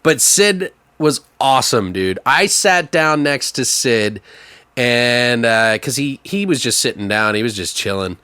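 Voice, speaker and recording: A man's voice: mid-range voice, animated, a little slow, sharp tone, smooth, dry recording. Laid-back swearing podcast guy. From Arizona. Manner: laid-back, swears a lot, laughs often. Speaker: podcast co-host. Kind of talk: casual chat.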